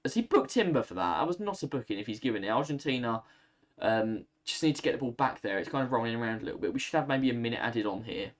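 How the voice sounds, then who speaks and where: A man's voice: mid-range voice, expressive, fast. A tired young man, chatting through live football commentary on a stream and talking to his chat. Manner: chatty, reacts to play, talks to chat. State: tired, yawning. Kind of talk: live watch-along commentary.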